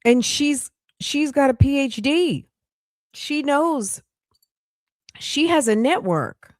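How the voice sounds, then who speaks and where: A woman's voice: high-pitched, expressive, slow, a little mellow, no room sound, clean studio sound. A woman hosting a casual live commentary stream, chatty and incredulous, often laughing. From United States. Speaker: livestream commentary host.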